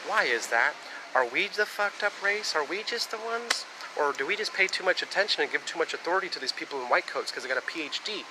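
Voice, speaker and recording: A man's voice: on the high side, expressive, fast talker, background noise. A man from the United States talking on a live stream in a rambling, casual monologue that jumps between topics and swears freely.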